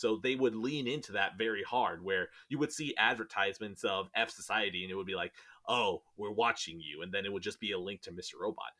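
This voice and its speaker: A man's voice: fairly low pitch, a bit bright. A man hosting a podcast in casual chat, rambling and joking as he sometimes loses his train of thought. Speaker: podcast host.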